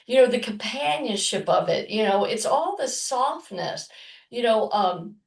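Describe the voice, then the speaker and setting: A woman's voice: fairly high pitch, animated, measured pace, gravelly, far from the mic. Rambling woman in an echoey room. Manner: rambling, many restarts and soft murmurs. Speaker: podcast co-host. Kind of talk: casual chat, personal storytelling.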